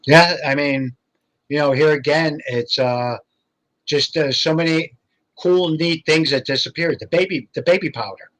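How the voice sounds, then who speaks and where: An older man with a bright, forceful voice pitched somewhat high, telling rambling stories in a relaxed interview. He drifts from point to point with plenty of fillers, unhurried and anecdotal. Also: poor audio. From Connecticut, USA. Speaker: guest paranormal investigator. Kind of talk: casual interview storytelling.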